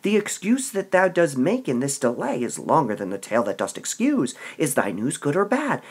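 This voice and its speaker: A man's voice: a little high, huge pitch swings, moderate pace, husky, heavily acted. A man reading as an impatient young girl. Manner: read in a raised, pleading tone.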